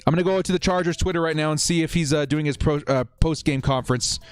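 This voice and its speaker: A man's voice: on the high side, fast, clear, resonant tone, no echo, soft background music. A young man hosting a casual live stream, reading viewer comments aloud and laughing often.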